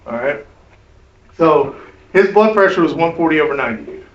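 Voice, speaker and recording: A man lectures a class in an easygoing, conversational way, often pausing to ask "right?". His voice sits a little high and carries through a roomy, echoing classroom. It is picked up from some distance on a muffled recording. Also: animated. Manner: conversational, keeps checking in with "right?". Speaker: instructor.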